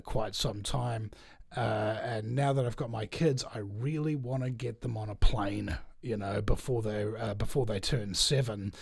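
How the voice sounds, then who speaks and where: A man's voice: medium pitch, darkish tone, no echo, studio quality. A man with a New Zealand accent, a guest on a podcast, telling meandering anecdotes in casual chat. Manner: digressive, anecdotal storytelling.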